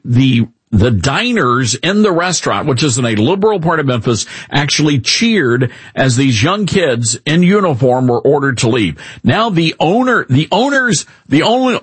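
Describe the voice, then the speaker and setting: An animated male radio host delivering folksy conservative commentary from a studio. His voice sits a touch high and rides a lively, swooping pitch. The tone is husky and raspy, with a dry, close studio sound. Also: measured pace, dry recording. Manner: animated, folksy, chuckling asides. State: throat irritation, clearing throat. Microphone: studio microphone, dry.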